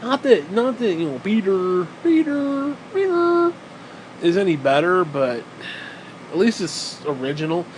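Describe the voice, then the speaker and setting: A man in his forties riffing through a rambling, foul-mouthed rant, sarcastic and blunt. His voice sits a little high for a man. A faint hum of background noise lies under it. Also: lively intonation, moderate pace, poor audio. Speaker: vlogger. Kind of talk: rambling monologue.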